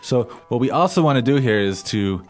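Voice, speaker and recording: A man's voice: medium pitch, expressive, brisk, darkish tone, soft background music. A man guesting on a language podcast, explaining tones in an easygoing way with imagery. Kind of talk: casual explanatory talk.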